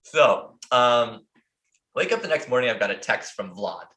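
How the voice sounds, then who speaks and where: A man's voice: medium pitch, lively intonation, unhurried, sharp tone. An American man telling a long story on a podcast in a casual, profane way, rambling with lots of fillers. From United States. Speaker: podcast host. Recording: roomy echo.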